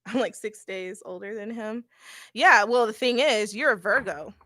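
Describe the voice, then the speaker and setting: A woman's voice: fairly high pitch, measured pace, fairly bright tone, no room sound, studio quality. A young woman giving a casual live-stream tarot reading, blunt and laughing often, with occasional swearing. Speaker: tarot reader.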